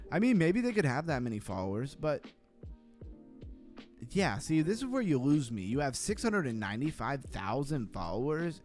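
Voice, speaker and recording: A man's voice: medium pitch, darkish tone. A man hosting a livestream, giving blunt, skeptical commentary and reacting to viewer comments in a casual chat. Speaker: crypto livestream host.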